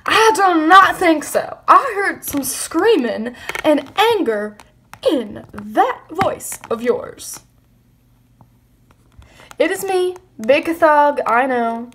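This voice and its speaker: A young woman voicing a former school bully, now a pastor, who talks in a slow, gruff way. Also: sits high, sing-song, a bit bright, slight background noise, heavily acted.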